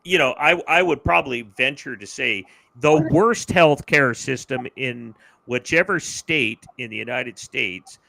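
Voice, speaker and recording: A man from Canada co-hosting a political livestream, explaining his views in a measured way with slight hesitations. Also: mid-range voice, gravelly, sharp tone, dry recording. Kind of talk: casual political chat.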